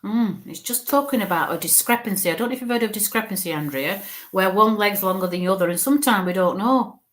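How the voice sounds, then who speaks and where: A woman giving a live mediumship reading in a mid-pitched voice. She chats and reassures as she goes. She thinks aloud, sprinkling in "okay" and "bless you" as she passes messages on. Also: fast, a bit bright. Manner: thinks aloud while relaying spirit messages. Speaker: spirit medium.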